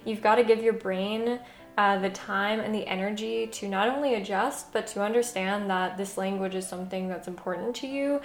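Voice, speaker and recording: An American woman with a medium-pitched voice hosts a casual language-learning vlog, chatting and laughing often and sometimes reading aloud slowly. The room is echoey.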